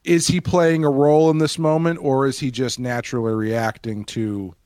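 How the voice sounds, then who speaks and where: A man co-hosting a casual podcast discussion, talking in a hesitant way with many pauses and restarts. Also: medium pitch, level tone, darkish tone, no echo, studio quality. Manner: hesitant, full of fillers and restarts. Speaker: podcast co-host.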